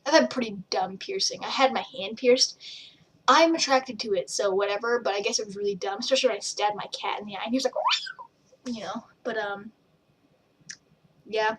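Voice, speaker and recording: A woman's voice: mid-range voice, fairly quick, long pauses, fairly bright tone, breathy edge. A young woman chatting casually to camera, rambling from one tangent to the next and acting out what people said. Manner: rambling, jumps between tangents, acts out quotes. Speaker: vlogger and page admin. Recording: voice a bit distant from the mic.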